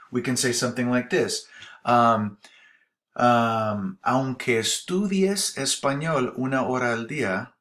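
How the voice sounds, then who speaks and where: A man's voice: medium pitch, a little slow, fairly bright tone. A man teaching a grammar tutorial, explaining patiently with spoken examples, recorded close on a desk mic. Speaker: Spanish teacher.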